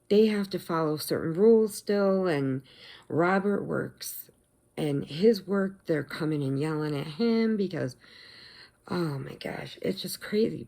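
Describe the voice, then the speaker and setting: A middle-aged woman telling a story casually in her vlog, chatty and animated, acting out the quotes. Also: fairly low pitch, vocal fry. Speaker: vlogger.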